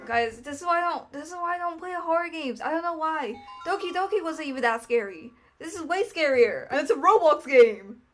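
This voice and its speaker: A woman chatting through a game, easily spooked and reading on-screen text aloud in halting bursts. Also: sits high, animated. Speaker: gamer playing a courtroom game. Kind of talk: gameplay commentary. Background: game music.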